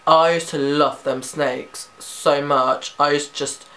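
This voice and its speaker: A teenage man chatting casually through a tag questionnaire, rambling and quick to giggle. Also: fairly high pitch, steady tone, bright, forceful tone. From Britain. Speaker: vlogger.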